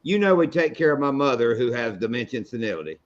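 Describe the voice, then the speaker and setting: A man's voice: medium pitch, big pitch swings, quick pace, highs cut off. A middle-aged man hosting a live fishing show, telling stories in a folksy, salty way. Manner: folksy, storytelling, salty language. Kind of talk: casual live-stream chat.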